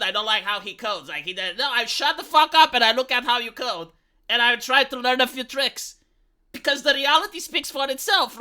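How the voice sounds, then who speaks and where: Hosting a laid-back reaction commentary on YouTube, this man speaks in a very high, bright, strained voice. His delivery is rambling and sarcastic, full of swearing and frequently restarted sentences.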